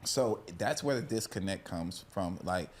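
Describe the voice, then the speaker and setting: Animated, profane male storyteller. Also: unhurried, slight background noise. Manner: animated, profane storytelling, acts out quotes in a high voice. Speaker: music producer, guest. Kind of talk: casual storytelling interview.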